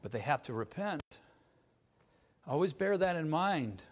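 A male pastor preaching a sermon, emphatic, repeating his points and building to loud climaxes. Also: on the high side, very animated, unhurried.

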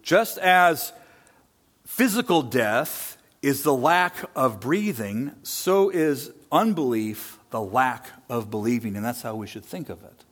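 Animated male preacher with rhetorical questions. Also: mid-range voice, slow pace. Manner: animated, rising and falling delivery. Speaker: pastor. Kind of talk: sermon.

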